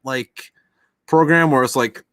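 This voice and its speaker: A man's voice: medium pitch, a little slow, fairly bright tone, smooth, dry recording. A man in casual podcast chat, rambling and swearing a lot, with many fillers. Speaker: podcast host.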